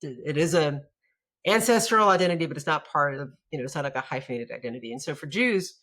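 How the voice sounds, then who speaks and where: Woman rabbi in a chat interview, thoughtful, lots of restarts, gets animated telling stories. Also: deep voice, fast talker. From United States. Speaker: guest, rabbi. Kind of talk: conversational interview.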